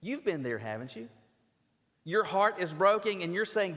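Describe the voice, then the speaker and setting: A man's voice: sits high, expressive, unhurried, a bit bright. Emphatic man preaching in a reverberant church. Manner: emphatic preaching with repeated stammered restarts. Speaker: pastor. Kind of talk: sermon. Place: church sanctuary. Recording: long reverb of a church sanctuary.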